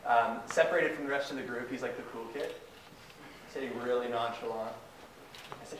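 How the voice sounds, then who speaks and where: A man's voice: mid-range voice, steady tone, moderate pace, pauses often, a bit bright, a little hiss or hum. A young man from Canada giving an enthusiastic guest talk, telling a story with acted-out quotes. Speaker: guest speaker. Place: large hall. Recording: echoey hall, mic far off, faint ambience.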